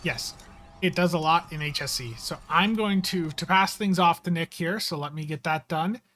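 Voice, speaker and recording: A man's voice: on the high side, normal speed, bright, forceful tone. A man hosting a live game stream, chatting in an easygoing, rambling way with plenty of fillers. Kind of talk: casual live-stream chat.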